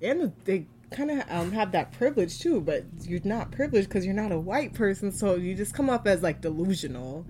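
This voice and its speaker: A woman's voice: medium pitch, lively intonation, moderate pace, few pauses, warm tone, slight background noise. A woman co-hosting a casual podcast show review, speaking conversationally and often murmuring agreement. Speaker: podcast co-host.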